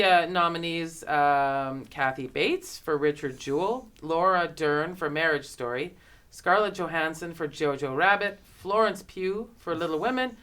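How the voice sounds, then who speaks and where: A woman's voice: lowish voice, fairly bright tone. A woman hosting a podcast, chatting casually and playfully about films. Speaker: podcast host. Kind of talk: casual film chat.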